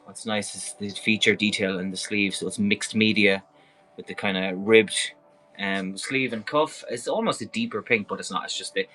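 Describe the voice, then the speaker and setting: A man's voice: fairly low pitch, normal speed, sharp tone, low-quality recording. An Irish man hosting a live clothing sale, talking in a chatty, enthusiastic and rambling way. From Ireland. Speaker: live-stream clothing seller. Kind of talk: casual live sales patter.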